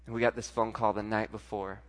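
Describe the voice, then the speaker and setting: A man preaching a sermon and telling an emotional personal story, moving between loud outbursts and hushed, tearful passages. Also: on the low side, level tone, brisk, long reverb tail. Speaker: pastor.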